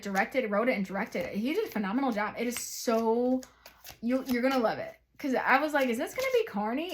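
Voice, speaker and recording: A woman giving a psychic tarot reading to viewers, chatty and excitable, drifting into rambling asides and speaking straight to her audience. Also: fairly high pitch, a little hiss or hum. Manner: addresses viewers directly. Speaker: psychic reader.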